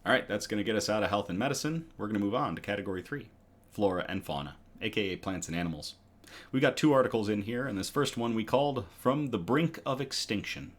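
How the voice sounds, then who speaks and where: Speaking quickly in a fairly low, expressive voice, this man runs a casual online news program. He reads the articles out in a chatty manner, full of ums and frequent self-corrections.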